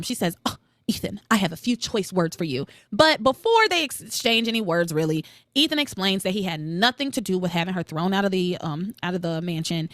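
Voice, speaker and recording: A woman hosting a solo podcast, recapping soap opera episodes in an animated, opinionated way, swearing freely. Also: no echo, studio quality. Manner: animated and opinionated, swears freely, quotes characters with jumps in pitch.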